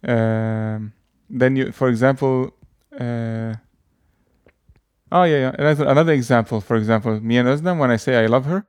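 A language teacher explains something casually, his mid-range voice smooth and darkish at a normal speed, recorded dry with no room sound. He sounds hesitant, full of fillers and restarts.

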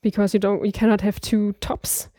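A woman's voice: mid-range voice, little pitch movement, normal speed, dark tone, dry recording, studio quality. A woman in a casual practice chat, explaining language points with lots of fillers and restarts. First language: not Swedish. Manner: hesitant, many fillers and restarts. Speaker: language learner.

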